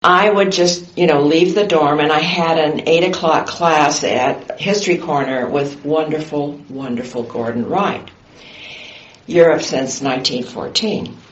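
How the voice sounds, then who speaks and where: An older woman recalls a memory at an unhurried, leisurely pace, halting now and then with fillers. The recording is roomy and a little dull and lo-fi, as in an oral history interview. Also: deep voice.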